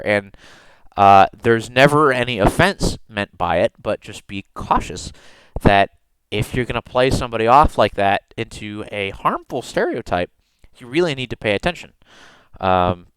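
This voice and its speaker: An American man co-hosting a casual tabletop gaming podcast, talking in halting bursts with frequent restarts and laughs. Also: fairly low pitch, a bit bright, clean tone, no echo, low-quality recording. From United States. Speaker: podcast co-host, game master.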